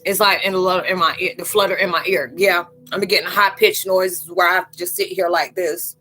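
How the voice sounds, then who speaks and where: A woman hosting a casual spiritual live chat from her room, animated and talkative, often acting out quoted voices and laughing. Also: lowish voice, moderate pace, faint music behind, poor audio.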